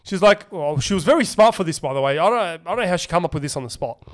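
A man's voice: fairly high pitch, fast. A young adult man co-hosting a podcast, telling stories animatedly and swearing a lot. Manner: animated storytelling, heavy swearing. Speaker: podcast co-host. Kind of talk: casual chat.

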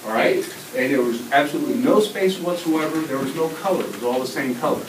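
A middle-aged man giving an energetic, interactive presentation to a school class, often asking the children questions. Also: mid-range voice, fast. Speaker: guest presenter. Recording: echoey classroom taped from far off with noise.

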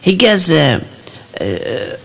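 A man telling a personal anecdote in a monologue, with many pauses and restarts. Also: fairly high pitch, very animated, vocal fry, slightly rough. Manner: storytelling with frequent pauses and restarts. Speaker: channel host.

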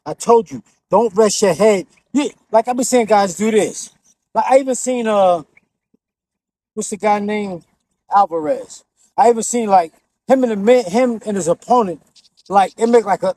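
A man's voice: sits high, a little mellow, no room sound, poor audio. A man with a New York accent giving casual, blunt and profane boxing tips while he demonstrates the moves. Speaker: boxing instructor.

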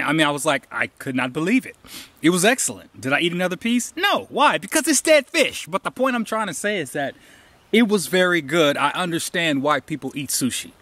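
A man's voice: mid-range voice, a bit bright. A man talking casually while hiking outdoors, telling stories and giving emphatic advice in a rambling way, recorded on a handheld camera. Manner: rambling, storytelling, emphatic asides. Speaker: hiker vlogger. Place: outdoors on a trail.

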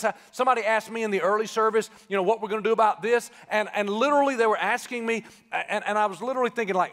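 Pastor guy preaching live, high voice, jokey then shouty, long church echo. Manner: conversational, joking, building to shouted emphasis. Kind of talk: sermon. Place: church sanctuary, live service.

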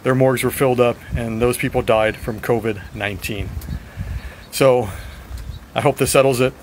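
A man chatting in a rambling, frank video diary, slightly raspy and short of breath. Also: medium pitch, fairly even intonation, normal speed, slight background noise, low-quality recording. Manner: rambling, frank, swears at times. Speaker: vlogger.

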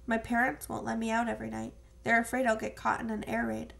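A woman's voice: on the high side, monotone, fast talker, vocal fry, a bit bright. A woman doing a nervous teenage boy. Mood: sheepish. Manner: nervous, uneasy.

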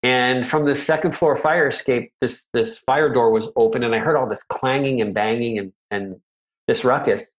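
A man's voice: medium pitch, moderate pace, dull audio. A middle-aged man, a martial arts instructor, telling stories in a casual interview, rambling and self-deprecating with many restarts.

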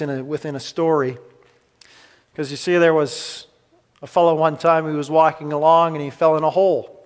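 A man preaching a sermon as pastor, pausing dramatically and swinging between emphatic lines and hushed, soft ones. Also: on the high side, big-room sound.

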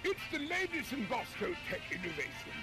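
Fussy shopkeeper with a fake British accent, very high and swooping, game music behind. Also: male voice, huge pitch swings, fairly quick, exaggerated voice. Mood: salesy. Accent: put-on British. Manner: theatrical, fussy exclamations. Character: excitable male shopkeeper with fake British airs.

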